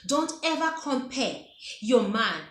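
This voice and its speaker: A woman's voice: on the high side, big pitch swings, takes it slowly. A woman giving relationship advice to camera in a casual, emphatic way, often repeating her phrases. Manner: emphatic, repeats phrases, acts out quoted dialogue. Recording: echoey room.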